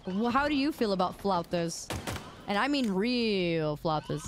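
Over a noisy background, a woman with an expressive, medium-pitched voice speaks slowly while gaming on stream. She chats casually with viewers, teasing them playfully and repeating words in sing-song bursts.

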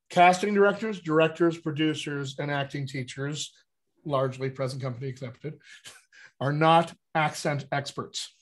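An American man coaching actors on accents, speaking in a fairly high voice. He explains his points over a video call and keeps checking that the listeners follow him. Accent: General American. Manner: animated teaching, frequent "all right?" check-ins. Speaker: dialect coach. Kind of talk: casual video call chat.

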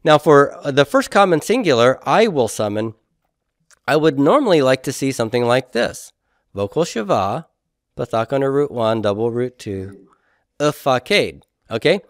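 A man teaching a classroom grammar lecture, patiently quizzing students and repeating forms slowly. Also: mid-range voice, big pitch swings, dry recording, studio quality.

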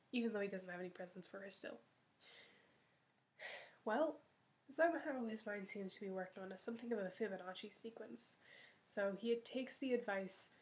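Woman retelling a fairy tale casually. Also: mid-range voice. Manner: rambling, hesitant, with fillers and sighs. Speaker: storyteller.

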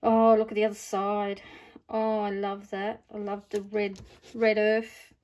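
A woman's voice: medium pitch, monotone, a little slow, a little mellow, highs cut off. A middle-aged woman with an Australian accent, chatting casually as she unboxes craft supplies, gushing with delighted exclamations. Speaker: craft vlogger.

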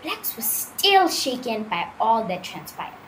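Expressive woman narrator. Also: on the high side, a little slow. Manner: expressive, storytelling. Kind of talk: storybook narration. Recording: roomy sound with faint noise.

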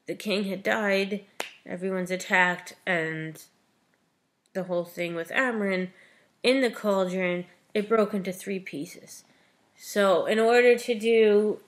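A woman retelling a novel's plot in a chatty book review vlog, often saying "like" and "you know". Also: medium pitch.

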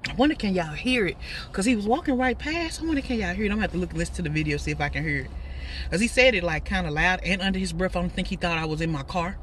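A woman's voice: lowish voice, racing, fairly bright tone, far from the mic, slight background noise. A woman in her thirties with a Texas accent, chatting casually and laughing while she eats in her parked car. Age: 30s. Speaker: vlogger. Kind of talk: casual car mukbang chat.

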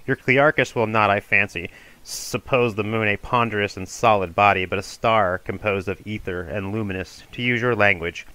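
A man giving a measured, formal audiobook reading of an ancient philosophical dialogue. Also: lowish voice, pushed and bright, clean tone, low-quality recording. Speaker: reader of a classical dialogue.

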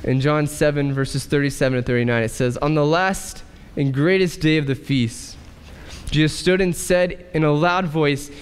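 A male pastor preaching a sermon in a church, asking rhetorical questions and pausing for effect. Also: on the high side, steady tone, smooth. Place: church sanctuary. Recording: church hall reverb.

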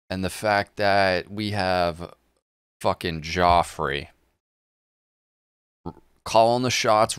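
A young man hosting a first-time watch reaction, excitable and profane, shouting at the screen. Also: low-pitched, clear, resonant tone, no echo, studio quality. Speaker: reaction video host.

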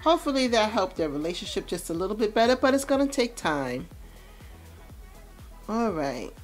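Chatty woman with a lively voice. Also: mid-range voice, normal speed. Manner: chatty, animated, laughs often. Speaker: let's play host. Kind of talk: casual gameplay commentary. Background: faint music.

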